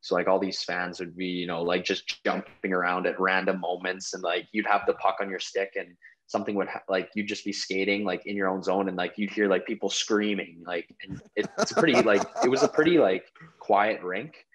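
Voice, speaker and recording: A man's voice: low voice, fairly even intonation, brisk, a bit bright. A young man, a pro hockey player, chatting as a guest on a remote call, rambling with lots of "like" fillers. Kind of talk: casual interview chat.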